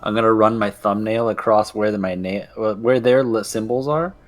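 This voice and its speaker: Low-voiced hesitant male player. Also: steady tone, normal speed, soft background music. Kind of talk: playing a tabletop game.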